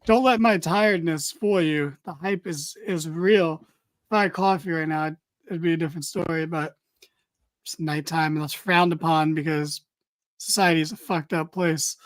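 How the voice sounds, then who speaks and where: A man's voice: fairly high pitch, fairly even intonation, normal speed, dry recording. A tired man co-hosting a casual wrestling podcast, rambling with dry, mock-serious humor. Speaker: podcast co-host.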